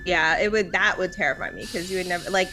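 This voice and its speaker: This podcast co-host is a woman with a fairly low voice who talks fast against background noise. Her casual chat is loose and heavy on fillers, with frequent laughter.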